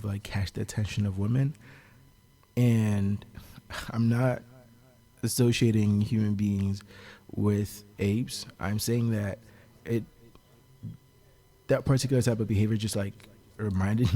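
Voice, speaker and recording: Man, podcast guest, low gravelly voice, mellow tone, measured. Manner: thoughtful, measured, filler-heavy. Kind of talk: casual podcast discussion.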